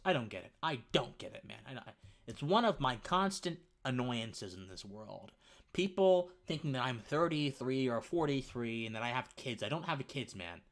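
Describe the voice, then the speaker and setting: A young adult man with a mid-range voice and vocal fry talks at normal speed while hosting a casual opinion livestream. He's lively and conversational, says "man" often, rambles, stumbles over words, and keeps restarting sentences.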